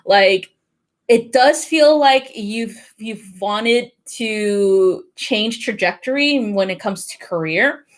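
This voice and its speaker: A woman's voice: fairly high pitch, takes it slowly. Chatty laughing woman tarot reader. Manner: chatty, laughs often, swears casually. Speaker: tarot reader hosting a live stream. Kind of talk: casual live-stream chat and tarot reading.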